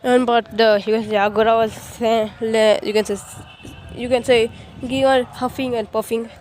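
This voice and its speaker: A woman spins an improvised fan story in a loose, rambling way, circling back on the same filler phrase again and again. Her voice sits a little high. Faint background hum runs under the talk. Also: flat delivery, normal speed, darkish tone. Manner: rambling, repeats the filler "you can say".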